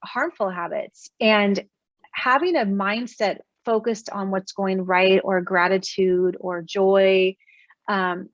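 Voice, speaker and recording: A woman's voice: medium pitch, fairly even intonation, slow pace, dry recording. A woman in her thirties, a guest author on a podcast, talking in an earnest storytelling way with many fillers. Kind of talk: casual interview chat. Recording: dull, dry sound.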